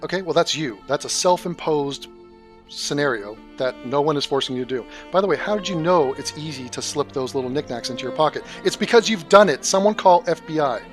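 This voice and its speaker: A man's voice: fairly high pitch, lively intonation, fairly quick, soft background music. A man streaming live, mocking a video he reacts to with sarcastic, profane commentary.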